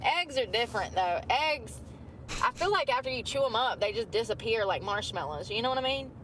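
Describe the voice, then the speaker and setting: A woman's voice: a little high, lively intonation, fairly quick, fairly bright tone. A woman, ranting in a chatty, profane, rambling way, filmed as she drives. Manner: profane, chatty, drawling asides. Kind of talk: rambling casual rant. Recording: clip with traffic and outdoor noise.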